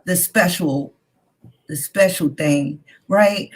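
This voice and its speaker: A woman talking fervently and with excitement in a religious discussion. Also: low voice, takes it slowly, breathy edge.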